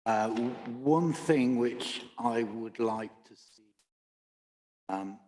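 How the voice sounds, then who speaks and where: A man speaking as a councillor at a committee meeting, hesitant, with many pauses and restarts. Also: medium pitch, darkish tone, a little hiss or hum. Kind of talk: halting committee remarks. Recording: hall with long reverb.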